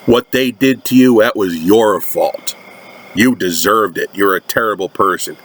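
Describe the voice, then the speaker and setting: A man's voice: on the low side, a bit bright. A man voicing a cold, scolding community elder. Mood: scornful. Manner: slow, cold, accusing repetition. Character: indignant self-righteous community elder, scolding a victim.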